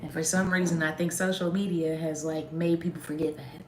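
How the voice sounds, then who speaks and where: A young woman chatting casually to viewers on a livestream, sarcastic and quick to laugh. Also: deep voice, flat delivery, echoey room, slight background noise. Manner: sarcastic, laughs often, talks straight to viewers. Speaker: livestream host.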